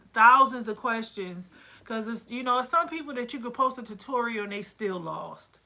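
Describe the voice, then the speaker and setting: A woman running a casual livestream about her candle business, chatty and excitable, full of fillers and quoted asides. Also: mid-range voice. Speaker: candle-making business owner.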